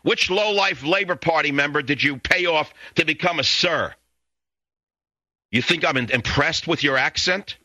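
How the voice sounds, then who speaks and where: An older man in his sixties hosts a talk radio show, hurling indignant, taunting insults again and again. His voice is very bright and hard-edged. The studio sound is close and dry. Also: a little high, lively intonation, moderate pace, no echo. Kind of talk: angry radio monologue. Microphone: studio microphone.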